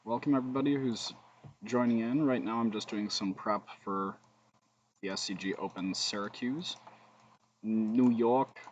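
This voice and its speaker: A man's voice: on the low side, steady tone, normal speed, highs cut off, slight background noise. A man streaming a card game, thinking aloud between plays, humming and muttering, with joking asides to his chat. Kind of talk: casual gameplay commentary.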